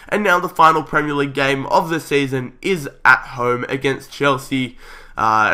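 A young man giving excited commentary over a football video game, calling the play like a match commentator, his voice strained and going. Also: mid-range voice. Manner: shouts at goals, calls play like a match commentator. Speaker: YouTuber playing a football career mode.

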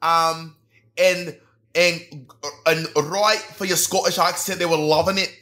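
A man co-hosting a casual review podcast, talking in an animated, jokey way. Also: fairly high pitch, measured pace. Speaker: podcast co-host. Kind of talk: casual chat.

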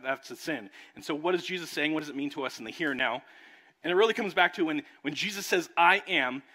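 A man's voice: fairly high pitch, sharp tone. A man preaching a conversational sermon as pastor in a church, often checking in with "okay?". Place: church sanctuary.

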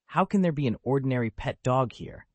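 A man voicing a calm, cold young male wizard who speaks in a matter-of-fact way. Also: mid-range voice, brisk, no echo, voice pushed up. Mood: cool.

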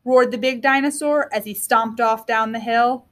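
A woman kindergarten teacher reading a storybook aloud to young children. Her voice is high and animated. She makes the telling expressive. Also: normal speed, hardly any pauses.

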